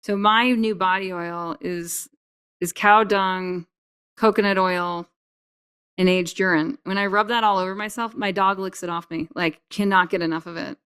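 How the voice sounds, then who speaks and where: Lively woman guest, casual and jokey. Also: medium pitch, moderate pace, clear, resonant tone. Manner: animated, enthusiastic, jokey. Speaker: podcast guest. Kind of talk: casual podcast chat.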